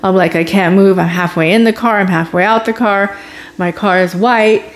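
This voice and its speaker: A woman's voice: mid-range voice, fairly even intonation, normal speed. A woman vlogger telling her own story in a casual, emotional way, with sighs and groans as she relives it.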